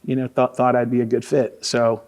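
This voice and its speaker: Relaxed storytelling radio DJ, man. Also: medium pitch, a little fast. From Louisiana. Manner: relaxed storyteller, lots of fillers. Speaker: radio DJ, guest. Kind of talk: casual conversational interview.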